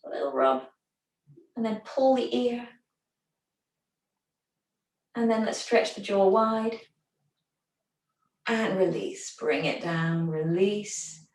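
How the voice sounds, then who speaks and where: A woman leads a gentle stretching and breathing class, talking calmly and slowly through each step. Her voice sits at a middle pitch and comes from a little way off the mic, with a roomy echo around it. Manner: calm, gentle step-by-step instructions. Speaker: recovery class instructor. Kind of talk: guided gentle exercise class. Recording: echoey room, voice from far off.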